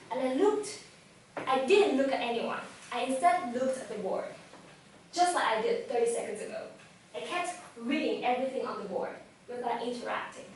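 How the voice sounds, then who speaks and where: A young woman giving a lively talk on public speaking to a live audience, telling a personal story and asking the audience questions. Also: high-pitched, slight background noise. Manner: lively storytelling, acts out quoted thoughts, asks the audience questions. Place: event room with live audience. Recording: very echoey room, voice from far off mic.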